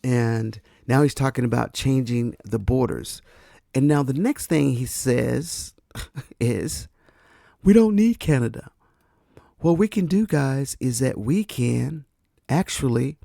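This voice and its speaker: An exasperated man from the United States hosts a political podcast and speaks straight to his viewers. His voice has a gravelly, creaky edge. The recording is dry and close, with no room sound. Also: mid-range voice, expressive, a little slow, dark tone, no room sound. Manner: exasperated, talks to viewers directly. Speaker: podcast host. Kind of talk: casual political commentary.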